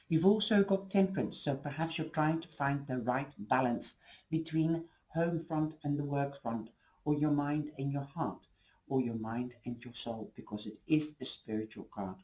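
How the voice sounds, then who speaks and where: Guy doing a tarot reading, going hoarse, warm mellow tone, rambly. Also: mid-range voice, moderate pace, poor audio. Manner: rambling, reassuring, restarts often. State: losing his voice. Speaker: tarot reader. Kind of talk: casual tarot reading to camera.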